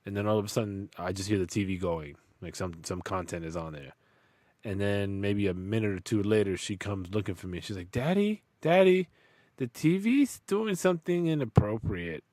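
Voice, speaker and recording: A man's voice: low-pitched, fairly even intonation, fairly quick, darkish tone, no echo. A man hosting a podcast, chatting casually in an easygoing, slangy way and introducing a guest. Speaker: podcast host. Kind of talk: casual chat.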